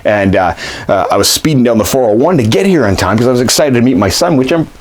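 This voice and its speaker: A man in a comedy sketch, ranting in a rambling way full of fillers and restarts, getting heated. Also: fast talker. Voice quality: lively swooping pitch.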